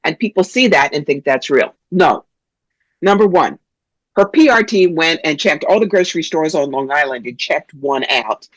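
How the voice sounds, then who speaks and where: Blunt, lively woman from New York with a dry close sound, for a guest spot. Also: low voice, moderate pace, dry recording, low-quality recording. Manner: blunt, animated, funny storyteller. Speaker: psychic, guest. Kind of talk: interview, storytelling.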